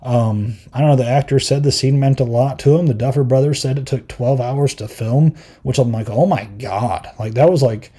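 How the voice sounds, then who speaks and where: Man, podcast host, very dark mellow tone, rambling casual review, mocking quoted voices. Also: medium pitch, fairly even intonation, brisk, few pauses. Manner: rambling, filler-heavy, exasperated.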